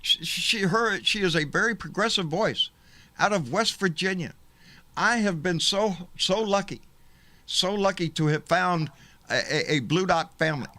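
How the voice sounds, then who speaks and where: A man's voice: sits high, moderate pace, sharp tone, no room sound. A man hosting a live political stream, talking casually in an emphatic, rambling way and swearing freely. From Texas. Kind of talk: casual livestream talk.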